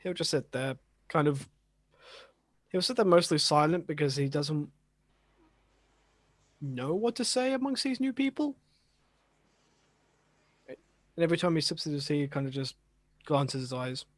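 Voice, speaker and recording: A man's voice: a little high, expressive, unhurried, long pauses, no echo. A man player narrating his character in a tabletop game, hesitant with many fillers. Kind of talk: tabletop role-play narration.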